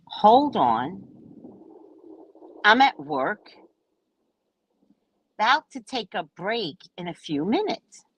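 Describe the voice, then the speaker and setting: A woman host telling a story in casual chat, mocking and animated, laughing often and jumping high when exasperated. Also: breathy edge, dry recording. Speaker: podcast host.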